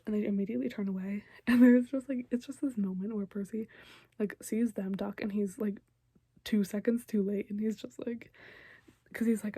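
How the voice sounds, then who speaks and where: A young woman giving a whispered role-play style recap of a show episode, talking softly with lots of fillers. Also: medium pitch, a little fast, slightly rough, dry recording. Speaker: show reaction youtuber.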